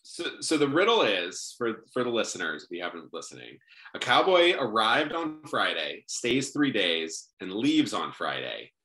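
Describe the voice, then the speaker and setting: A man's voice: fairly low pitch, moderate pace. A man co-hosting a podcast, chatting loosely about a film with a lot of fillers and laughter. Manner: lively, laughing, rambling with many fillers. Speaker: podcast co-host. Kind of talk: casual movie discussion.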